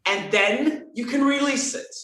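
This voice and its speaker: A woman guest telling a story in an interview, animated and acting out the dialogue. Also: high-pitched, unhurried, recorded from a distance. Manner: animated, expressive storyteller who acts out dialogue. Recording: roomy sound, from off-mic.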